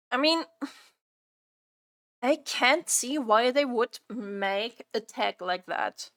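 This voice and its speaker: A woman streamer chatting during a live reaction stream, exasperated and repeating her own phrases out loud. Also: a little high.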